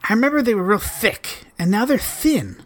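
A woman's voice: a little high, animated, moderate pace. A woman co-hosting a podcast in casual chat, complaining and swearing with sarcastic humor. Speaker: podcast co-host.

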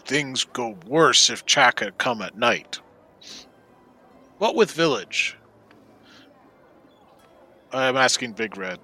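A man voicing a big, simple-minded, good-natured monster who talks in broken, halting speech. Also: mid-range voice, animated, pushed and bright, heavily acted. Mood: gruff.

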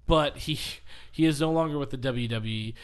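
Brief: man, podcast co-host, mid-pitched, loose storyteller who laughs and restarts a lot. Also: moderate pace. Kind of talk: casual wrestling story chat.

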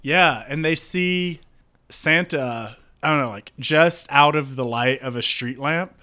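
A man's voice: on the high side, slow pace, bright, forceful tone. Rambling man telling an improv story. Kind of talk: comedy podcast improv.

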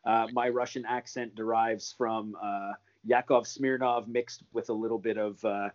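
A man's voice: fairly low pitch, fairly even intonation, measured pace, muffled recording. A man co-hosting a podcast in casual chat, easygoing and hesitant, laughing often. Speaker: podcast co-host.

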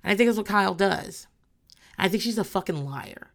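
Blunt, creaky-voiced woman recapping TV. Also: medium pitch, expressive, brisk. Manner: blunt, profane and rambling. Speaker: podcast host recapping a reality show. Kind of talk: casual chat.

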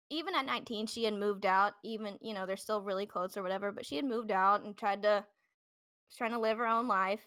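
A woman's voice: on the high side, a bit bright, no room sound, studio quality. A woman hosting a podcast, telling a true-crime story in a loose, chatty way with plenty of fillers and restarts. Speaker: podcast host. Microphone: podcast microphone.

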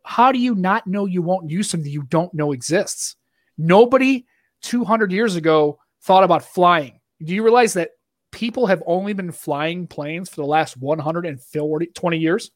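A man with a Boston accent rants through a casual podcast chat, talking in a fairly high voice and circling back over himself with restarts. The recording is close and dry. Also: moderate pace, no room sound. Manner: animated, ranting, rambling with restarts. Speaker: podcast co-host.

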